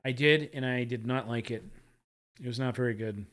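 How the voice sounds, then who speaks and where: A man's voice: medium pitch, normal speed, fairly bright tone. Casual rambling man hosting a stream. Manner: rambling, chuckling, trips over his words. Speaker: livestream host. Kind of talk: casual reaction commentary.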